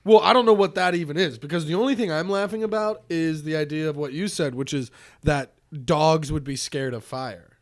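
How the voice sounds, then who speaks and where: A man's voice: fairly high pitch, brisk. A young man co-hosting a comedy podcast in a laid-back, teasing way, calling his friend "dude.". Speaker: podcast co-host. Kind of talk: casual comedy chat. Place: small studio.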